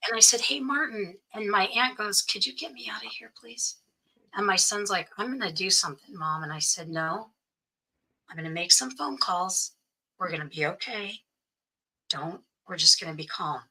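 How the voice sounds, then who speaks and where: A woman's voice: medium pitch, lively intonation, normal speed, bright, forceful tone, rough recording. A woman guest recounting a personal story in an interview, earnestly quoting what others said to her. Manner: earnest, quotes others' speech as she tells it.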